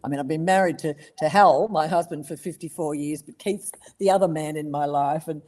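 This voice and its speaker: An older Australian woman in her seventies, chatting as a guest in an interview. Her voice sits low, and she tells her stories with lively energy and frequent laughter. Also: a little fast. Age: 70s. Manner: lively storyteller, laughs often. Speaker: voice actress guest. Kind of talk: casual interview chat.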